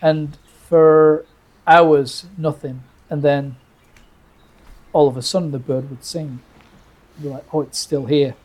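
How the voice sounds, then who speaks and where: A man's voice: on the high side, slow pace, long pauses. A man from Britain telling a birding story casually, full of restarts and acted-out quotes. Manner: animated, restarts often, acts out quoted lines.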